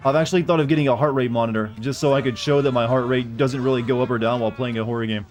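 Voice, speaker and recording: A man's voice: mid-range voice, steady tone, very fast. Rambling joking male game streamer. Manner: rambling, joking, answers chat questions. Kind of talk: casual gameplay commentary.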